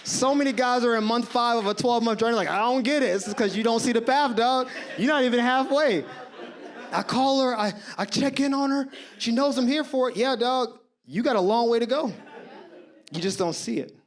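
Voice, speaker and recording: A man's voice: very high voice, moderate pace. A man in his thirties doing stand-up comedy, telling stories and talking straight to the crowd, acting out the people in them. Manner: animated, acts out voices of people in his stories; conversational, addresses the crowd directly.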